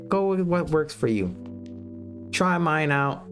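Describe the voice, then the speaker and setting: A man's voice: a little high, slow pace, faint music behind. An American man giving blunt, profane dating advice in a casual livestream monologue. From United States. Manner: blunt, profane, animated lecturing.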